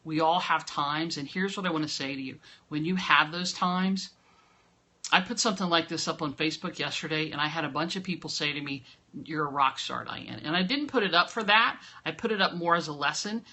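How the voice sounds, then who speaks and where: A woman's voice: sits low, fairly quick, pushed and bright. A woman marketing coach talking to camera, giving an emphatic motivational talk and often checking in with "right?". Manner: emphatic, keeps asking "right?". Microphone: camera at her computer.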